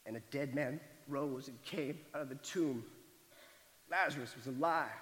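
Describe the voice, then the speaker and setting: A male pastor preaching a sermon, retelling a story dramatically and moving between loud emphatic lines and hushed, quiet ones. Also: medium pitch, normal speed, big-room sound, slight background noise, poor audio.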